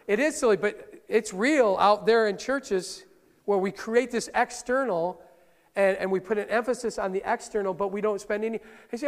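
High, gravelly-voiced male pastor preaching. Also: moderate pace. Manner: conversational, playful asides to the congregation. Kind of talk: sermon. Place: church sanctuary. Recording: long hall reverb.

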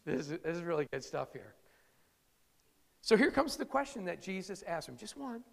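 High-voiced gravelly man preaching in a hall. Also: sing-song, normal speed. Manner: conversational, emphatic, acts out quotes. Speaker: pastor. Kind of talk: sermon.

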